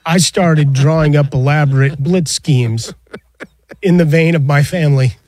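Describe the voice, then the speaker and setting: A man's voice: on the high side, measured pace, darkish tone, no room sound. A man co-hosting sports talk, tossing in wry joking asides. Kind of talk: casual sports talk banter.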